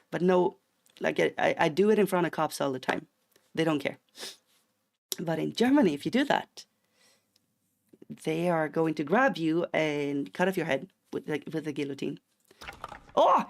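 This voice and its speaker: A man's voice: fairly high pitch, gravelly. A man from Sweden chatting casually on a live stream while he plays, rambling through tangents and restarting his sentences.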